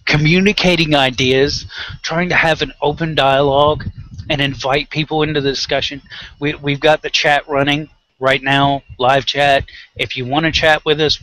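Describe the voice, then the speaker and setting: A man's voice: mid-range voice, fairly bright tone, no room sound, poor audio. A man ranting angrily and sarcastically on a live online talk show, swearing heavily and mocking the people he argues against. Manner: heated, sarcastic, heavy swearing, mocking mimicry. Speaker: co-host of a weekly online rant show. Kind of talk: angry profane rant on a live stream.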